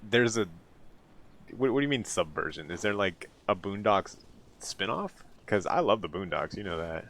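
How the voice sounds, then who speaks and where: A man's voice: lowish voice, animated, moderate pace, fairly bright tone, a little hiss or hum. An American man streaming late at night, chatting casually with viewers, rambling, laughing often and poking fun at himself while sounding tired. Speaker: live streamer.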